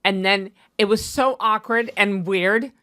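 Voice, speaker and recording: A woman's voice: medium pitch, measured pace, pushed and bright. A woman on a podcast telling a frank dating story in a chatty, self-deprecating way, acting out what people said. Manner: chatty, self-deprecating, laughing, acts out quotes. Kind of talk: casual chat.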